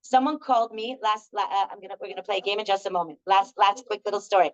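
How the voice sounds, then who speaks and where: A woman's voice: mid-range voice, quick pace. A middle-aged woman leading a live group workshop, telling stories in a chatty way with many fillers. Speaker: workshop leader. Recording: dull lo-fi recording.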